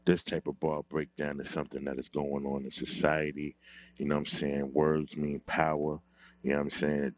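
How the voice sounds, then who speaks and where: A man with an extremely deep voice hosts a casual commentary show. He talks in a relaxed, conversational way and keeps checking in with his listeners. The audio sounds a little muffled and lo-fi. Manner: laid-back, repeats "you know what I'm saying".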